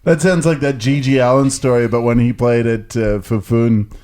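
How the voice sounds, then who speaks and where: A man cohosting a casual talk show, chiming in with jokes and loud impressions of friends. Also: medium pitch, steady tone, normal speed. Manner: jokey, chimes in, shouts in impressions. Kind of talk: casual banter.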